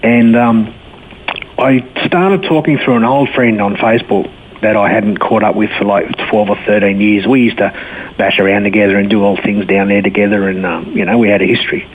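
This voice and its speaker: A man's voice: lowish voice, steady tone, fairly quick. A man in his forties with an Australian accent, a blunt, laid-back guest telling his life story and laughing easily. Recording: tinny phone-line sound, faint hiss.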